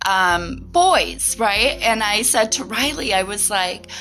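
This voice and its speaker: A woman's voice: medium pitch, animated, slow pace, a bit bright, soft background music. A middle-aged woman hosting a podcast, telling a story casually, laughing often and swearing freely. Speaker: podcast host.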